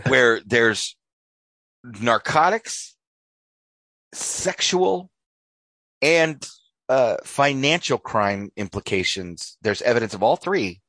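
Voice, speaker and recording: A man from North Idaho, hosting a casual political chat, animated, swearing and laughing often. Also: medium pitch, takes it slowly, pauses often, no room sound.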